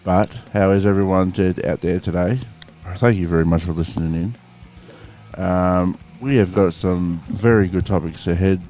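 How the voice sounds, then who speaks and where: A low-voiced man co-hosts a casual podcast. He talks in a relaxed, chatty way and swears often. Soft music plays faintly behind him. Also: normal speed. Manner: laid-back and chatty, swears freely. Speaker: podcast co-host.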